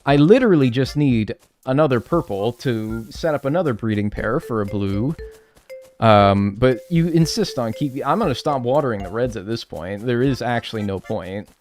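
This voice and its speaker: A man's voice: mid-range voice, lively intonation, moderate pace, a little mellow. A man streaming a game live, chatting casually, rambling and joking with viewers.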